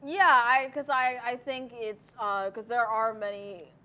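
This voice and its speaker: A woman's voice: a little high, a little slow, bright, forceful tone. A woman comedian on a casual panel, telling stories in a laughing, self-mocking way. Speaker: comedian guest.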